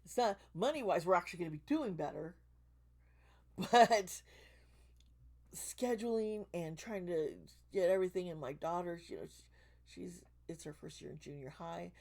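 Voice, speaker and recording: A woman in her forties, hoarse from losing her voice, talking casually and emotionally to her channel members, rambling and restarting her sentences. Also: lowish voice, normal speed, a little mellow. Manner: rambling, emotional, many restarts, swearing when worked up. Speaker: tarot reader and channel host.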